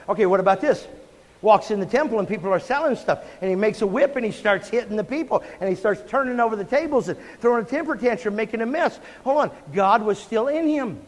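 A middle-aged male pastor with a notably high voice preaches with emphatic energy, calling out for amens and hallelujahs. His voice rings through a church sanctuary with a long trailing reverb. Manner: emphatic, call-and-response preaching. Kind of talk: sermon.

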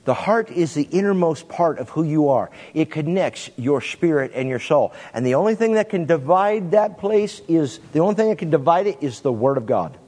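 A man preaching a sermon in an animated way, with sudden swings in pitch and pace. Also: moderate pace, hardly any pauses, big-room sound.

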